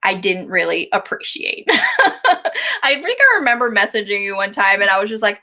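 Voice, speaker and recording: A woman's voice: mid-range voice, sing-song, normal speed, sharp tone. A woman co-hosting a casual book discussion, chatty, with frequent laughs and fillers. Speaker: book review co-host.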